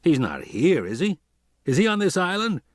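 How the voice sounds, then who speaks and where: Man playing a gruff irritable engineer, blunt, exasperated, audiobook. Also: a little high, huge pitch swings, normal speed, no echo, studio quality, pitched above the performer's own voice.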